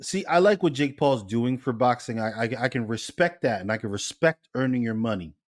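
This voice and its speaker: A man's voice: medium pitch, animated, a little fast. A man co-hosting a podcast in casual chat, blunt, profane and joking. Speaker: podcast co-host.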